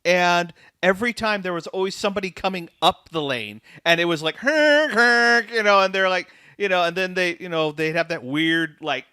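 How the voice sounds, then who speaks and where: An excitable young man with a high, bright voice, jumping into a casual podcast conversation. His pitch leaps around as he recounts the story. The recording is dry and close. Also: clean tone, no room sound. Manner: excitable, quick to jump in. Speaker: podcast co-host.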